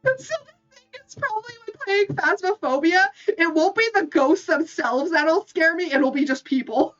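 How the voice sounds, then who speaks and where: A woman streamer chats casually with her viewers in a very high-pitched, slightly bright voice at normal speed. She giggles a lot and fills her talk with "like," heard through a distant, dull mic with faint music behind.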